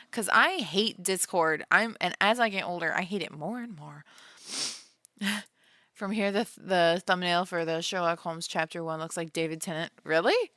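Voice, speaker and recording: A young adult woman chatting casually to her livestream viewers from home, animated, laughing often and talking with many fillers. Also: medium pitch, normal speed, dry recording, studio quality. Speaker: livestream host and author.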